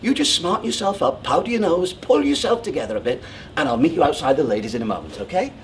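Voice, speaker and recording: A man's voice: on the high side, big pitch swings, quick pace, slight background noise. An actor playing a pompous, controlling man in a theatrical monologue, smug, condescending and over-precise in how he talks. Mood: patronizing. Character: pompous, controlling, self-assured man proposing. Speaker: stage actor. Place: theatre stage.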